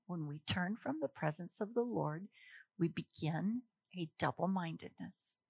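A woman teaching a Bible passage in an animated, emphatic way, reading verses and explaining them. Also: on the low side, dry recording. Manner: animated, emphatic, chuckles at her own points. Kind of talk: expository sermon.

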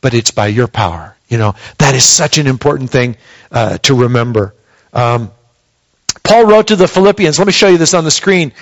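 A man's voice: a little high, expressive, normal speed. A man preaching a sermon, reading scripture aloud and explaining it with emphatic, rising emphasis. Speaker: pastor.

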